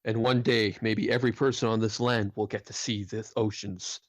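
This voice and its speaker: Guy doing an earnest in-character speech, low voice, dry dead room. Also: fairly even intonation, moderate pace, dry recording. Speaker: tabletop game player.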